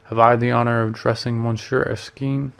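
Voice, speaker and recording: A man reading the part of a polite, formal old gentleman messenger. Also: mid-range voice, level tone, brisk, vocal fry, clean tone. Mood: courteous. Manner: formal, courteous.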